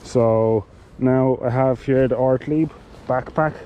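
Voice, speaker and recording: A man giving a casual product demonstration of cycling gear, talking in a halting way with many fillers and restarts. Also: mid-range voice, fairly even intonation, muffled recording, a little hiss or hum.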